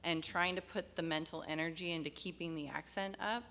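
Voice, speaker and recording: American woman panelist, lower-pitched voice, relaxed storytelling, faint room noise. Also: brisk. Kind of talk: casual panel discussion.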